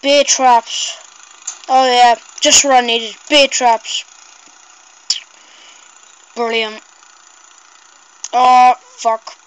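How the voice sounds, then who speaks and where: A woman giving casual, rambling gameplay commentary, excitable and shrieking at mishaps. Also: on the high side, drawn-out words, long pauses, clean tone, poor audio.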